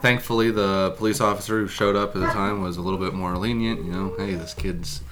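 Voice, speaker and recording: A man's voice: fairly low pitch, steady tone, quick pace, noisy background. A young man telling a story in casual podcast chat, laughing often and swearing freely.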